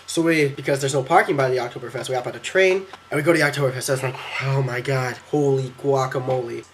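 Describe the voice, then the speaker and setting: A teenage boy telling a quick, excitable vlog story about a trip, slipping into silly voices when quoting people, recorded at his computer. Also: medium pitch, slight background noise. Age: teens. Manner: fast, excitable, acts out quotes in silly voices. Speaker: exchange student vlogger.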